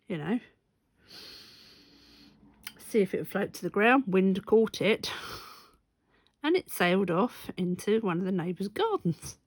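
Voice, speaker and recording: A woman with a slightly low voice tells a long, rambling story in a chatty vlog. She sounds amused and often backtracks to correct herself. The sound is dry and close, with little room echo. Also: breathy edge. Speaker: stitching vlogger. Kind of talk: casual anecdotal storytelling.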